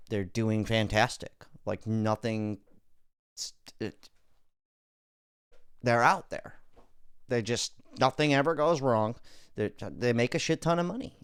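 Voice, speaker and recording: A podcast host talks bluntly and swears freely. His pitch rises and falls a lot as he swings between loud and quiet. The sound is dry and close. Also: clear, resonant tone, dry recording. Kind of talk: casual podcast commentary.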